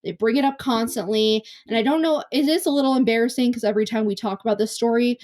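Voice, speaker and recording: A woman's voice: on the high side, fast, darkish tone. Young woman, podcast host, casual storytelling, self-deprecating, rambling, slightly tired voice, close mic. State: voice slightly worn from talking. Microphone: close podcast mic on camera.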